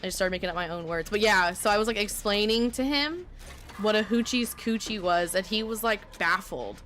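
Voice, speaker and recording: A young woman with a faint Southern US accent talks on a live stream, rambling, joking at her own expense and breaking off to thank viewers. Her voice sits at a middle pitch, and a faint hiss of noise runs underneath. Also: fairly bright tone. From Texas. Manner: chatty, rambling, self-deprecating, quick asides to chat. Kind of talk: casual live-stream chat.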